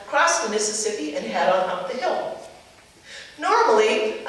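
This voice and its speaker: A middle-aged woman from Minnesota telling a personal story to a live audience, measured and reflective, in short paced phrases. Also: on the high side, very echoey, distant mic, rough recording.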